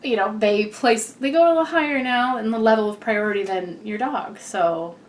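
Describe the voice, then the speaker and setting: A woman's voice: on the high side, normal speed, slight background noise. Chatty, laughing pregnant woman. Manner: chatty, rambling, laughs often. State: heavily pregnant. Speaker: vlogger. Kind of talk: casual pregnancy update vlog.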